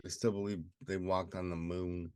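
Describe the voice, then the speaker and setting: A man from Chicago co-hosting a comedy podcast, ribbing his friend in deadpan casual banter. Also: deep voice, moderate pace, smooth, no room sound, studio quality. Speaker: podcast co-host.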